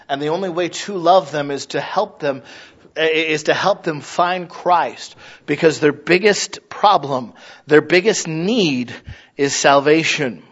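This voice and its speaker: A man in his thirties preaching a sermon, animated and acting out little scenes in other voices. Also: fairly high pitch, takes it slowly, husky, muffled recording. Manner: animated, mimics voices for illustrations. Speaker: pastor.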